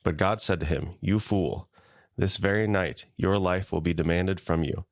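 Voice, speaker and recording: A man with a very low voice reads a scripture passage for a podcast. His delivery is measured and even, and the sound is close and dry. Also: no echo. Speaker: podcast co-host. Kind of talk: scripture reading and casual discussion.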